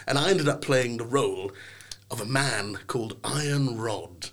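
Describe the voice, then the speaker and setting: A young man from England chatting as a podcast guest. His voice is bright and forceful, and his pitch swings widely as he tells stories with a theatrical, playful manner. He sits in the middle of the male range. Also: measured pace. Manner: theatrical, animated storytelling with playful put-on voices. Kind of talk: casual chat.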